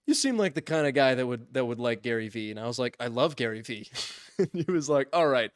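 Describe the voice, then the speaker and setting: A young man casually telling a funny story on a podcast, lively, acting out what others said and laughing often. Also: medium pitch, fairly quick, clear, resonant tone, no room sound, clean studio sound. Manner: animated, acts out quotes in voices, laughs often. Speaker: podcast co-host.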